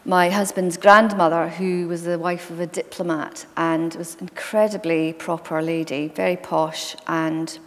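A woman's voice: fairly low pitch, measured pace, few pauses. A woman author in an onstage library conversation, talking in a chatty, anecdotal way. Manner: chatty, anecdotal, lively asides. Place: library event hall. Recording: long reverb from a hall.

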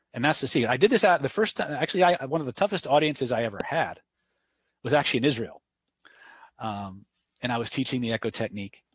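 A man's voice: medium pitch, husky, dry recording. A man teaching a live webinar, answering viewer questions off the cuff and telling stories to make his points in a conversational way. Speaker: webinar instructor.

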